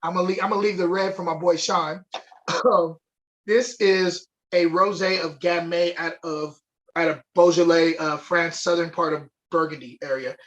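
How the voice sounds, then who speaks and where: Enthusiastic male wine co-host, high voice, casual livestream chat. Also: lo-fi sound. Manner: enthusiastic, chatty, with fillers. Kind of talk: live online wine tasting chat. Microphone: webcam or desk mic on a video stream.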